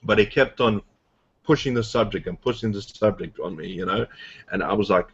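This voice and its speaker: A man's voice: fairly low pitch, normal speed, fairly bright tone, highs cut off. A man casually coaching a group about his online business, rambling with lots of fillers and restarts. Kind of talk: casual motivational talk on a group video call.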